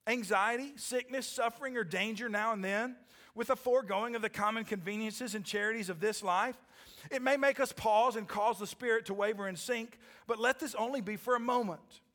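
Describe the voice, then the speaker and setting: A pastor with a high-pitched male voice preaching a sermon with fervor. He punctuates his points with calls to the congregation and presses hard on them. He speaks. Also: fairly quick. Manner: emphatic preaching with frequent "amen?" calls, dropping to a hushed altar call.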